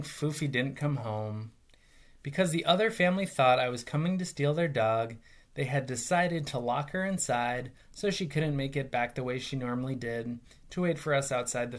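A man, a teacher, reading a memoir aloud with lively, expressive storytelling. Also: on the high side.

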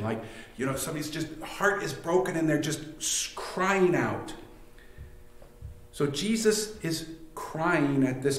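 A man's voice: a little high, fairly bright tone. Man preaching in an echoey church. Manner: conversational preaching with frequent fillers and restarts. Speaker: pastor. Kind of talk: sermon. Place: church sanctuary.

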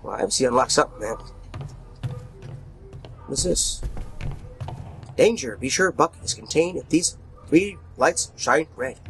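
Man, gameplay commentator, fairly high and very lively voice, cusses and whispers, game music behind. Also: measured pace, long pauses. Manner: excitable, swears often, drops to whispers.

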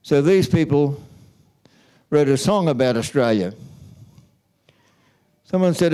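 A priest delivers his homily at an unhurried, deliberate pace. His voice is mellow and smooth, sitting at an ordinary middle pitch for a man. He tells his story in a calm, measured way. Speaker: Catholic priest.

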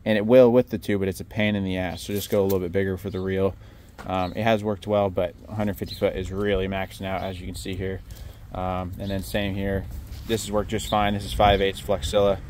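A man with a monotone voice giving a blunt, casual walkthrough of his work trailer, swearing freely and joking dryly at his own expense. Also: deep voice, brisk, hardly any pauses, slight background noise. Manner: blunt, casual, swears, dry self-mocking humor. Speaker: pressure washing business owner. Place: outdoors beside a work trailer.

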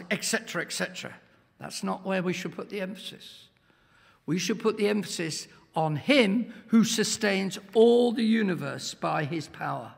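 A man preaching a sermon as a guest speaker in a church. He is emphatic, swells to near-shouts and asks the congregation questions. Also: high voice, lively intonation, measured pace, gravelly. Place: church hall. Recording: long hall reverb.

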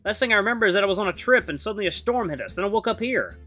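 A game streamer voicing the bewildered, flustered castaway hero of a visual novel, with high, excited exclamations. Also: racing, soft background music. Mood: earnest.

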